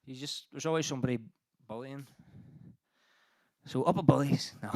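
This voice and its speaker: A man's voice: medium pitch, fairly even intonation, moderate pace, mellow. A band frontman bantering between songs at a live streamed gig, out of breath, swearing and joking at his own expense. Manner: sweary, self-mocking jokes. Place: live music venue streamed online.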